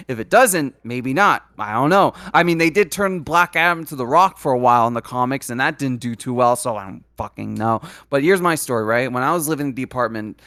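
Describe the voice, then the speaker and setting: A man co-hosting a casual livestreamed reaction show, telling stories in an animated, profane way. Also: medium pitch, dry recording. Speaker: podcast co-host. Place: home streaming setup.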